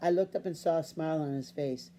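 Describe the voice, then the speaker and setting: A woman reading a children's novel aloud in a steady, unhurried storybook narration. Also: low voice, a little hiss or hum. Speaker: audiobook reader.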